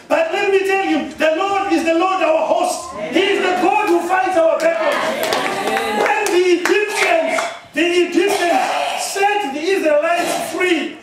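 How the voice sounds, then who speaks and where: High-voiced Zimbabwean preacher in echoey hall. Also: male voice, recorded from a distance. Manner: emphatic, often shouting, with laughter and repeated "yeah?". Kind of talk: sermon. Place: large church hall.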